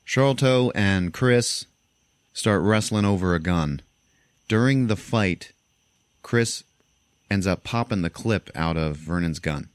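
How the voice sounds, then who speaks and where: Going through a movie scene by scene, this deep-voiced young man narrates his casual podcast with lively energy, putting on high-pitched character voices. He talks slowly with frequent pauses, and his clean tone comes through close, dry audio.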